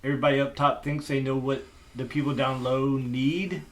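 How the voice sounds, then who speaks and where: A man who is a retired veteran speaks plainly and frankly in podcast chat, at a mid-range pitch for a man. His delivery is direct and unfussy. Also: level tone, moderate pace, fairly bright tone, a little hiss or hum. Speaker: retired military veteran guest. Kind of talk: podcast conversation.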